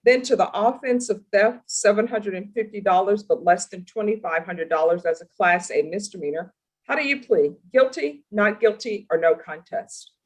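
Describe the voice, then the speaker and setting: A woman's voice: mid-range voice, low-quality recording. Stern woman judge questioning in court. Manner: stern, deliberate, formal questioning. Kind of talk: courtroom plea hearing.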